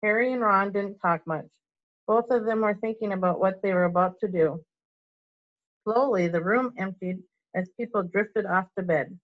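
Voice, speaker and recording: Read-aloud narrator: woman teacher, mid-pitched, steady and expressive, muffled lo-fi sound. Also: normal speed, no room sound. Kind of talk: reading a novel aloud to children. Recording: dull lo-fi recording.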